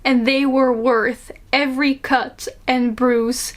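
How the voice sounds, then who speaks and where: Woman, book reviewer, casual review with read-aloud excerpts, gushing, self-mocking, slow, fairly high voice. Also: level tone.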